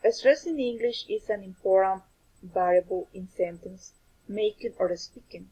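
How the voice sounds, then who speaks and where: Slow, breathy woman explaining pronunciation. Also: mid-range voice, dark tone, rough recording. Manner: careful, deliberate explaining with examples. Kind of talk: scripted lesson on pronunciation.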